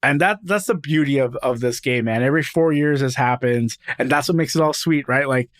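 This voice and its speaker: A man's voice: mid-range voice, brisk, fairly bright tone. A man co-hosting a podcast in casual sports chat, enthusiastic and playful, often repeating words as he talks. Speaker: podcast co-host.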